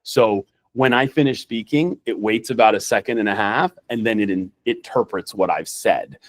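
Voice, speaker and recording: A man's voice: on the low side, normal speed. A man who works as a nurse practitioner, giving a casual, rambling training demo over a video call, full of fillers and restarts. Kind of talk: casual screen-share training talk.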